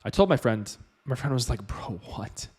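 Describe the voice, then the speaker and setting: A man's voice: mid-range voice, very animated, brisk, darkish tone, slightly rough. A man vlogging, retelling a personal story in loose, casual speech full of "like" and "you know".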